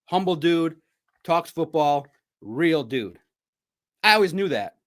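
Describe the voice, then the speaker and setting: A middle-aged man hosts a casual sports recap. His voice sits a little higher than most men's. He tells his stories in an animated, chatty way. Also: slow. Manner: animated, chatty storytelling with laughs. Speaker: podcast host.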